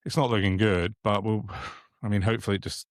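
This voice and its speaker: A man's voice: on the low side, steady tone, a little fast, no room sound, studio quality. A man co-hosting a podcast, chatting casually and indignantly about the news, often restarting his sentences. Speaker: podcast co-host. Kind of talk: casual political chat.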